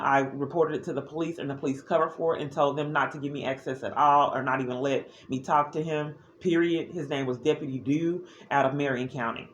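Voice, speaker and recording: A woman talks straight to the camera in a personal video diary. Her delivery is earnest and agitated, and she often breaks off mid-sentence and starts over. A faint hum of room ambience sits underneath. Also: sits low. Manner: earnest and agitated, with frequent restarts. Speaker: parent recording a video diary.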